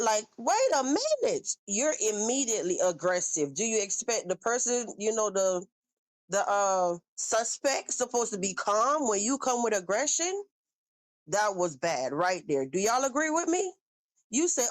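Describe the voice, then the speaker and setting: A woman's voice: mid-range voice, unhurried, no echo. Chatty woman hosting a reaction stream. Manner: animated, asks viewers questions and reads chat aloud. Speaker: reaction video host. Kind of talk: casual live reaction commentary.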